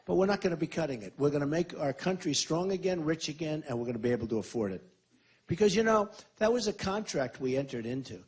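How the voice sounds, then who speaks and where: A man in his sixties speaks to a rally crowd and answers their questions, leaning on repetition and boastful emphasis. His voice sits a touch high for a man and has a husky, slightly rough edge. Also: expressive, quick pace, a little mellow. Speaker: presidential candidate at a rally. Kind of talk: campaign Q&A speech.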